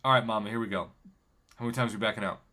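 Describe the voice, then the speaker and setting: Talking rapid-fire in a lowish voice, this gamer streams a mobile game and keeps reading his chat out loud. He's excitable, laughs often, and keeps the conversation loose.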